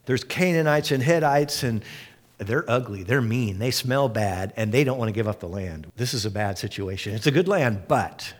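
Animated man preaching a sermon. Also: moderate pace. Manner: animated storytelling, acting out quoted voices with big pitch jumps.

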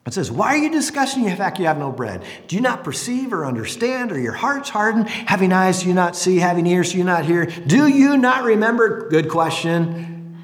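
Animated pastor preaching in an echoey hall. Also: male voice, high-pitched, normal speed. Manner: animated storytelling, acting out voices. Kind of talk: sermon.

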